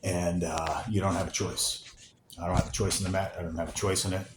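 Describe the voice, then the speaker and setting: Low-voiced angry man ranting, roomy echo. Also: level tone, brisk. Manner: heated, profane, rambling with many restarts; sometimes lowers his voice to a near whisper. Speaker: vlogger. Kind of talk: angry unscripted rant. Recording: roomy echo, faint background noise.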